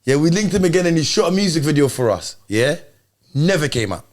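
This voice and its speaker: A man hosting a podcast, telling animated stories in casual chat and often checking that the listener follows. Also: fairly high pitch, a little fast. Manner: animated storytelling with constant check-ins. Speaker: podcast host and musician.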